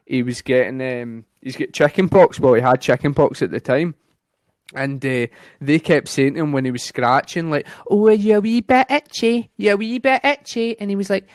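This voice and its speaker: A Scottish man co-hosting a podcast, telling stories fast in a casual, animated way. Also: fairly high pitch, no room sound, clean studio sound. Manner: animated storyteller, fast talker. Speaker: podcast co-host. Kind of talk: casual chat.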